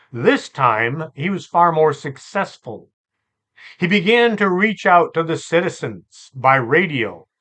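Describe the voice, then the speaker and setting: A man hosting a storytelling show, relaxed and chatty, with asides and fillers. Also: on the high side. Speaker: host and storyteller. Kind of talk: conversational storytelling podcast.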